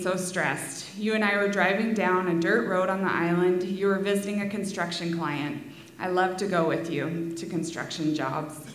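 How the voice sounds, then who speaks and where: A woman reading a heartfelt memorial tribute to her father, with soft laughs between lines, in a school auditorium. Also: mid-range voice. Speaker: daughter giving a eulogy. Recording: echoey hall.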